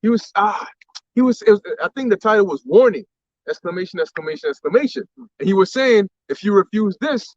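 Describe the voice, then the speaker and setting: Male co-host, very high pitch, emphatic delivery, dull lo-fi recording. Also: lively intonation, brisk, no room sound. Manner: emphatic, quotes scripture. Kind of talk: casual religious talk chat. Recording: dull lo-fi sound.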